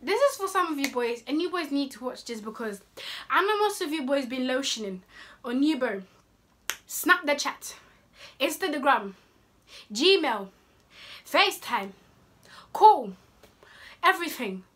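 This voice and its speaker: A woman's voice: sits high, very animated, unhurried, long pauses. A young woman, giving sassy, scolding dating advice in a casual vlog. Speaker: vlogger.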